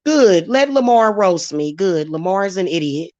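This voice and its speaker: A woman's voice: on the low side, expressive, measured pace, darkish tone, no room sound, lo-fi sound. A woman hosting her channel, ranting heatedly and profanely at commenters in a live-stream vlog. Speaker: channel host and spiritual reader. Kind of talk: live-stream rant to viewers.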